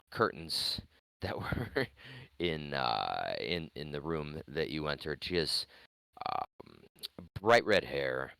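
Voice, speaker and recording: A woman runs a tabletop game in a very low, unhurried voice that swings widely in pitch. She narrates haltingly, with many fillers and laughs, and the sound is close and dry. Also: creaky, a bit bright, smooth, no echo. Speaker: game master.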